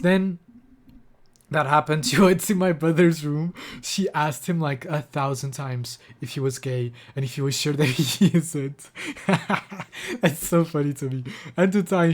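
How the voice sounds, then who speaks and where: At a normal speed and with a slightly high voice, a young man shares a personal story on a livestream. He rambles emotionally, stumbling through fillers and restarts while close to tears.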